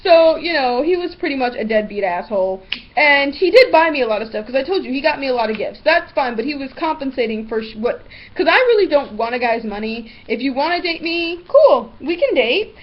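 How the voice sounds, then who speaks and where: Teen girl vlogging, high voice jumping all over, cussing, muffled lo-fi webcam sound. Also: brisk. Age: teens. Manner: blunt, swears a lot, animated. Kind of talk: ranting storytime vlog. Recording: dull lo-fi webcam audio.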